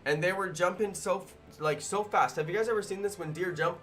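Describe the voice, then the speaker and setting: A man who makes gaming videos, telling a story to his viewers in a rambling, animated way. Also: sits high, brisk. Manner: animated, rambling, many fillers.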